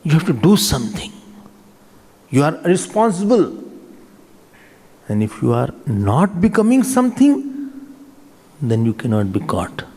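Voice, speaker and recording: A man with an Indian accent giving a spiritual discourse as a swami, animated and switching between English and Hindi. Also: a little high, unhurried, pauses often, breathy edge. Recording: reverberant hall.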